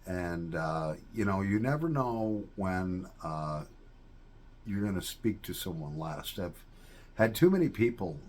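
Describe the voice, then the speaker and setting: A man's voice: sits low, expressive, measured pace, darkish tone. A man in a folksy, rambling casual chat to viewers, often tossing in "all right?" asides. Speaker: vlogger.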